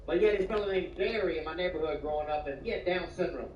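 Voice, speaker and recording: Man rambling deadpan stand-up, echoey far-off. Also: a little high, fast. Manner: rambling, deadpan, peppered with "you know". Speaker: stand-up comedian. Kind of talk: stand-up comedy. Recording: echoey, distant, dull, noisy live room.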